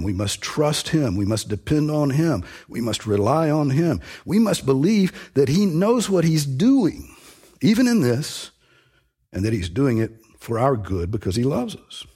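A man's voice: medium pitch, a little mellow, husky. A man preaching a sermon, earnest and emphatic, building on repeated phrases.

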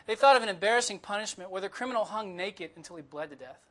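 Guest preacher, male, high and bright-toned, chatty sermon delivery read from notes. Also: lively intonation, fast. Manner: conversational, with humorous asides and disclaimers; reads closely from notes.

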